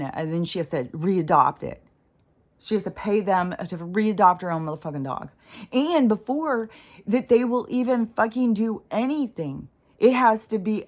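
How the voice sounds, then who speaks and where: A woman talking straight to camera in a rambling, indignant rant, swearing heavily as she tells a story. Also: mid-range voice. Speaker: spiritual vlogger. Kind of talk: casual ranting monologue.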